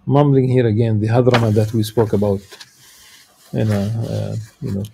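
A man giving a lecture, reading a religious text and explaining it in a halting way, with many filler sounds and restarts. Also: fairly low pitch, steady tone, vocal fry, noisy background.

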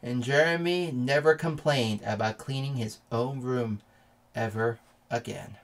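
A man hosting his own channel, reading a children's picture book aloud slowly and then signing off. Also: mid-range voice. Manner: slow, deliberate reading.

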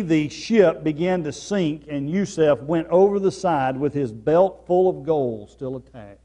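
A man preaching from the pulpit. He drives his points home by repeating phrases, rising to loud, emphatic lines and then dropping to soft, low ones. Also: animated, moderate pace. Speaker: pastor. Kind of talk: sermon.

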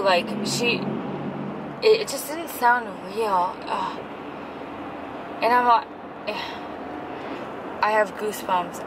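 Chatty mom vlogging from a noisy car. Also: female voice, medium pitch. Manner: chatty, many fillers and restarts. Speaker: mother telling her son's story. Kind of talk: casual storytelling vlog. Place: in a moving car. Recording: loud road noise from a car.

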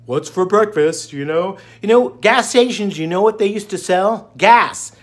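A man with a high voice and measured delivery hosts his own diet channel. In this relaxed monologue he jokes, strays into tangents, and fills the gaps with plenty of fillers.

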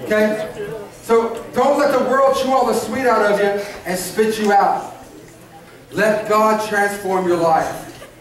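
A man's voice: sits high, fairly even intonation, takes it slowly. A man preaching a sermon as lead pastor, earnest and repetitive, urging and making promises to his congregation. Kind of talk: sermon to children and adults. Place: church sanctuary. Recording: echoey church hall, mic at a distance.

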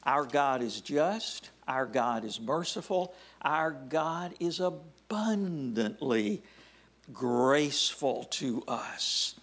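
Slow, whispery-ending male preacher. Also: medium pitch, expressive, a bit bright, slightly rough. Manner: deliberate, drops to a near whisper at phrase ends. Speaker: pastor. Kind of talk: sermon. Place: church sanctuary.

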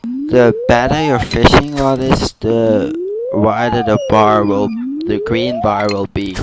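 A man casually chatting and explaining gameplay while he plays, with loud noise in the background. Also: medium pitch, wildly swooping pitch, slow pace. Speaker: gameplay video host. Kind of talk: game commentary.

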